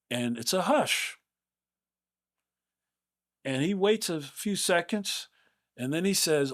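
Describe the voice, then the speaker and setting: A man's voice: a little high, measured pace, pauses often, fairly bright tone. A man in his fifties hosting a podcast, speaking earnestly and emphatically, with rhetorical questions. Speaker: podcast host. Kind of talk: motivational podcast monologue.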